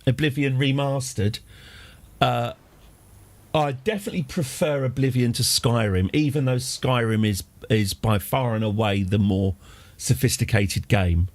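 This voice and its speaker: A man's voice: medium pitch, a little slow. A man chatting casually as a game streamer, rambling through tangents with dry jokes. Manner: rambling, tangent-prone, dryly joking. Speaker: livestream gamer host.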